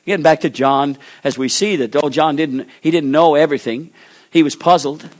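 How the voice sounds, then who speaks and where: A man preaching a sermon, acting out biblical dialogue and swinging between loud exhortation and hushed, slow pleading. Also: a little high.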